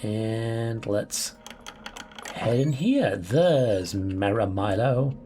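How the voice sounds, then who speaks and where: A man's voice: lowish voice, lively intonation, extremely slow, dark tone, soft background music. A man casually commentating his own gameplay, chatty, playful and sweary. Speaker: let's play host.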